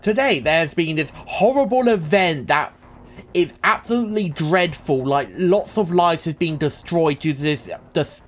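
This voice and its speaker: A man's voice: a little high, measured pace. A man voicing an overly solemn male TV news anchor in a mock newsreader delivery. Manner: grave, theatrical newsreader delivery.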